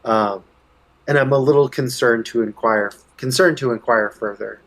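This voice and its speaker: A man's voice: mid-range voice, moderate pace, fairly bright tone, low-quality recording. Man thinking aloud as a game player. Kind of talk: playing a bard in a tabletop game.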